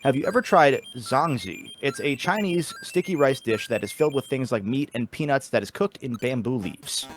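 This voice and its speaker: A man hosting a relaxed charity stream, reading out donation messages in a casual, chatty way. He trips over awkward wording now and then and laughs it off. Faint music plays under his voice. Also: mid-range voice, normal speed, few pauses. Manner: reads donation messages aloud, stumbling and laughing. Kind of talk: casual chat.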